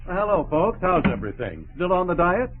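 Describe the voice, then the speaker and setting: A man's voice: high voice, very animated, a little fast, background noise. A man playing a teasing, wisecracking friend in a 1940s radio comedy. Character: wisecracking jovial male friend. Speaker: visiting friend. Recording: tinny old radio broadcast with studio audience.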